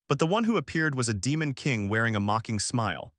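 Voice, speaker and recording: A man's voice: mid-range voice, very animated, fast, fairly bright tone, dry recording, clean studio sound. A man narrating a scripted story recap in a dramatic storytelling manner.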